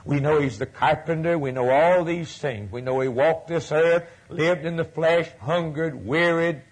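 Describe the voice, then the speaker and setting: A man preaching a sermon in a folksy, repetitive way, swinging from loud declarations to hushed near-whispers. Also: fairly high pitch, a little slow, breathy edge.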